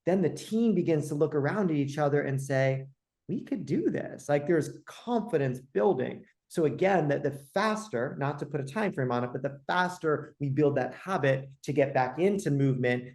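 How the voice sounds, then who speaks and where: A man's voice: a little high, moderate pace, few pauses, a little mellow. A man speaking casually as a workshop participant, hesitant and correcting himself as he goes. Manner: hesitant, restarts and self-corrections. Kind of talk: casual talk to a group.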